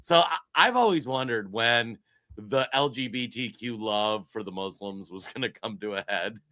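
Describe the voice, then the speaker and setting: A man's voice: lowish voice, expressive, moderate pace, bright, forceful tone, dry recording. A male podcast co-host in casual political chat who rambles, laughs through his sentences and restarts often.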